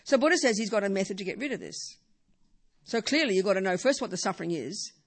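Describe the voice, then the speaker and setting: Buddhist teacher, woman, lively and playful delivery, live hall talk. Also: mid-range voice, fast talker, slightly rough. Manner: lively, joking, repeats words for emphasis.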